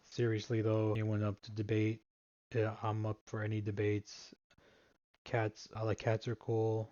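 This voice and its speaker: Guy mumbling thru a jokey slideshow, low flat voice, dull lo-fi sound, keeps restarting. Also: dry recording. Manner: rambling, halting, with frequent restarts. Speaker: presenter. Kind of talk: casual joke slideshow presentation.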